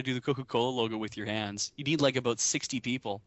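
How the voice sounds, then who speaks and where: Male co-host, relaxed joke-teller, dry close mic, slightly dull audio. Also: medium pitch, quick pace, dry recording. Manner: storytelling, acts out characters in the joke. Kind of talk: casual chat, telling a joke.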